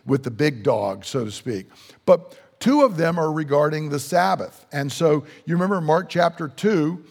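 A man's voice: fairly high pitch, darkish tone, big-room sound. A man preaching a sermon in a conversational way, putting questions to his listeners. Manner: conversational, asks the audience questions. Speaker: pastor.

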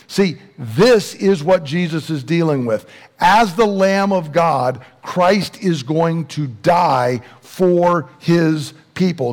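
Preacher with hall echo. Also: male voice, fairly high pitch. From American South. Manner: earnest, rising questions and slow emphatic drops. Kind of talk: sermon. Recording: long hall reverb.

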